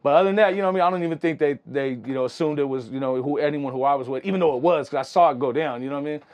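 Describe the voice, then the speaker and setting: A young man talks very quickly with a somewhat high voice, telling wild stories in loose, slangy chat. He keeps tossing in "you know what I'm saying" and keeps the energy high, speaking as a music producer guest on an interview. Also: a little mellow. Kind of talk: casual storytelling.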